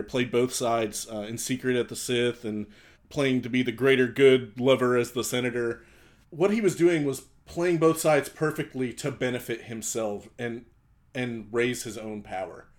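A man co-hosting a casual podcast, explaining a story calmly and laughing easily. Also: medium pitch. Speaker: podcast co-host.

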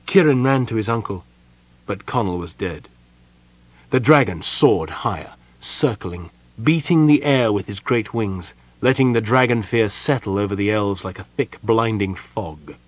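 A man reading a fantasy novel aloud as an audiobook narrator, in a measured, dramatic storytelling manner. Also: fairly low pitch, animated, no echo. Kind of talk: scripted narration.

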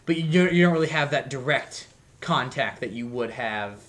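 A man's voice: medium pitch, expressive, normal speed, a bit bright. A man co-hosting a music podcast, talking in a rambling, self-deprecating way with lots of fillers. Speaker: podcast co-host. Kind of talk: casual chat.

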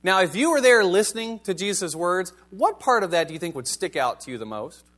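A man's voice: high voice, sing-song, brisk, fairly bright tone. A male pastor giving a sermon in a conversational, wry manner, reading scripture and asking the congregation rhetorical questions.

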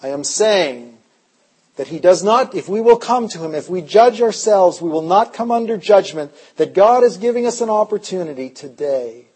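A man preaching a sermon with a rather high voice. He moves between hushed, slow confession and loud, urgent, rising appeals. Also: animated, slightly rough, poor audio. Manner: impassioned, swings from hushed to loud. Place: conference hall.

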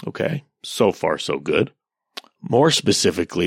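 A man in his thirties with a very low voice and a gravelly, creaky edge. He reads out online posts and tears into them with sarcastic, profane commentary. The sound is dry and close, with no room around it. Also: normal speed, dry recording.

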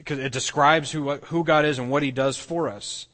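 A man's voice: on the high side, steady tone, normal speed, fairly bright tone, in a large hall. A man preaching a sermon as pastor, earnest, often restarting and repeating words as he explains. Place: church sanctuary.

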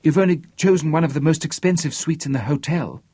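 A man voicing a brisk, helpful man giving directions. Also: on the high side, dark tone, slightly rough, no room sound, voice pushed up.

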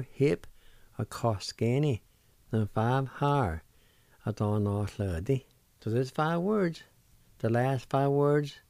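A middle-aged man hosting a radio language lesson, spelling words letter by letter and sounding out each syllable slowly and deliberately. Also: medium pitch, dark tone, no echo. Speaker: radio language teacher, show host.

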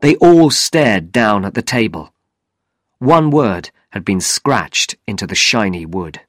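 A man narrating a graded reader story in a slow, clear, deliberate way. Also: fairly low pitch, sing-song, a bit bright, dry recording, studio quality.

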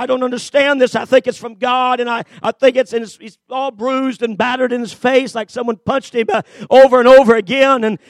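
High-voiced preacher, shouting then hushed. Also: male voice, no echo. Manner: dramatic, rises to shouts then drops low; many fillers and repeated starts. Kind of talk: sermon storytelling.

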